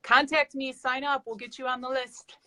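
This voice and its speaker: A woman's voice: sits high, flat delivery, moderate pace, sharp tone. A woman from Wisconsin chatting as a guest on a live stream. She is talkative, tells stories and laughs often. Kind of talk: casual live-stream chat.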